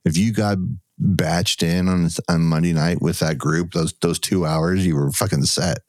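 A man's voice: deep voice, fairly even intonation, measured pace, dry recording, studio quality. A man co-hosting a podcast in casual chat, rambling and loose, with restarts and cursing. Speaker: podcast co-host.

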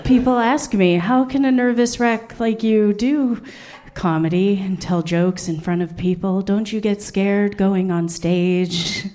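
A woman's voice: medium pitch, measured pace, hardly any pauses, mellow. A woman performing stand-up on a theatre stage, with a nervous, hesitant delivery. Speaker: stand-up comedian. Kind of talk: stand-up comedy set. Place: live comedy theatre stage with audience.

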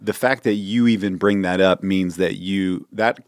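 A man's voice: low-pitched, steady tone, normal speed, dry recording, studio quality. A man who is a comedian guest on a podcast, chatting casually and jokingly, rambling with frequent restarts.

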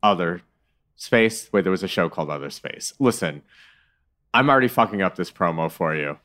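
A man co-hosting a podcast, chatting casually with animated swings from mumbled asides to loud outbursts. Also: deep voice, normal speed. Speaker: podcast co-host. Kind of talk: casual chat.

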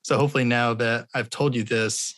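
A man's voice: mid-range voice, steady tone, a little fast, a bit bright. A man who is a podcast guest, talking in a friendly way with a slight stammer and offering practical tips. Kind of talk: casual podcast conversation.

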